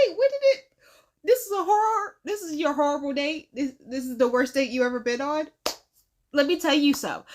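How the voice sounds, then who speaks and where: Sassy woman reacting to a clip, bouncy voice up and down. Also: fairly high pitch. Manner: lively, sassy, talks straight to the viewer. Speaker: reaction host. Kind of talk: casual reaction commentary.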